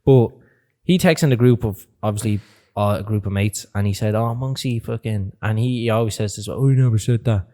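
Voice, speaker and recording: A man's voice: fairly low pitch, a little fast. Chatty swearing man. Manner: animated storyteller, swears freely, laughs a lot. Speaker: podcast guest. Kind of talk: casual chat.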